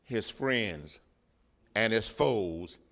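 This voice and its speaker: A man in a church preaching a sermon, animated, rising to shouts and chuckling between points. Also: lowish voice, very slow. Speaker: guest preacher.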